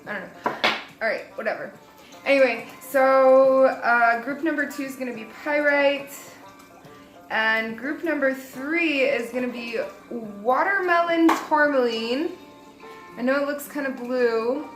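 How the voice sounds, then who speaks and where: A chatty young woman with a fairly high voice talks her way through a tarot reading, rambling and light. The room is echoey, and music plays clearly behind her. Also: a little slow. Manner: chatty and rambling, laughs at herself. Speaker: tarot reader. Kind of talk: casual spoken tarot reading.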